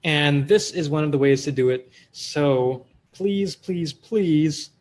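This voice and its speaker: A man's voice: on the high side, takes it slowly, a little mellow. A man with a Filipino accent hosting a casual live-stream Q&A, reading viewer comments aloud in a loose, chatty way with fillers and restarts. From Philippines. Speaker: host of a live online Q&A.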